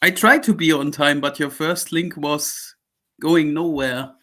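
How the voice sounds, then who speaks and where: A man appearing as a guest on a livestream, chatting in a dry, joking, low-key way while feeling unwell. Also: steady tone, unhurried, pushed and bright. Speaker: show guest. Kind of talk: casual livestream chat.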